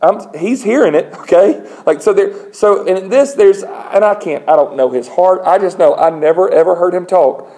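A man with a slightly high voice preaches a sermon in a relaxed, conversational way. He tells stories with gentle humor and sometimes acts out other people's voices, with plenty of casual fillers. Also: normal speed, few pauses, low-quality recording. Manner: conversational, animated storytelling with acted-out voices; frequent fillers and restarts, lightly humorous. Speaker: pastor.

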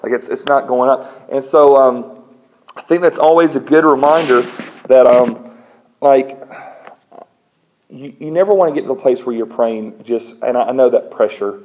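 A man's voice: medium pitch, normal speed, long pauses, poor audio. A man preaching a sermon in a conversational, lightly humorous way, often acting out the voices of people in his stories. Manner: conversational, animated storytelling with acted-out voices; frequent fillers and restarts, lightly humorous. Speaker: pastor.

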